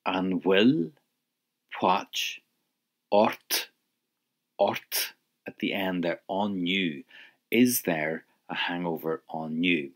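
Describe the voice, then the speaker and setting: A man's voice: low-pitched, extremely slow, long pauses. A man teaching an audio language lesson, patiently prompting the listener to answer.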